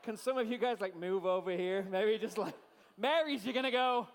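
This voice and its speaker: Pastor, male, high-pitched, playful crowd-rouser; reverberant church hall. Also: moderate pace, slight background noise. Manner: playful, hyped crowd-rousing with shouted cues. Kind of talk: energetic sermon to a congregation.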